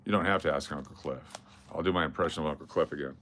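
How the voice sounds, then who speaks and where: A man's voice: rumbling low, very fast, fairly bright tone, slight background noise. An older man hosting a casual livestream, rattling off lists of cards and chatting to viewers. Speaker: livestream host.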